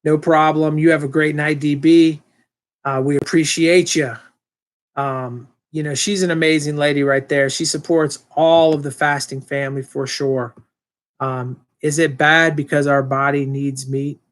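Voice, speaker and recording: A man's voice: on the high side, unhurried. A man with a slightly raised voice talking on his own live stream. He reads comments aloud and chats back loosely, with plenty of ums and false starts. His speech is easygoing and unscripted. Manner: rambling, relaxed, with many fillers and restarts. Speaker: channel host answering live chat. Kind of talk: casual live-stream chat.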